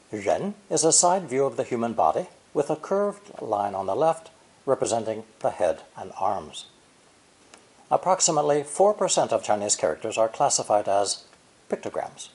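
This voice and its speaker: A man narrating a scripted language lesson in a measured, explanatory way. His pitch sits in an ordinary middle range but moves up and down a great deal. He pauses to repeat sample syllables slowly. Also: very animated, darkish tone. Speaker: language teacher.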